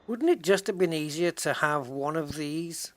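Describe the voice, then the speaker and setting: A casual game streamer talking through play live, thinking aloud and tallying things up as they go. The delivery is chatty and relaxed, with quick restarts and asides to viewers. The pitch sits in the middle of the range. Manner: thinks aloud, counts items and chats with viewers. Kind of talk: live gameplay commentary.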